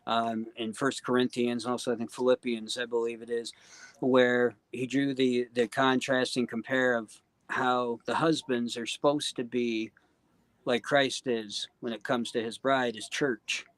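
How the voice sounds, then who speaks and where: A man speaks as an interview guest, earnest and heartfelt. His voice sits at a plain middle pitch, and his talk wanders through "um" and "you know" as he thinks out loud. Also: little pitch movement, a little slow, no room sound. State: choked up. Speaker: guest singer-songwriter.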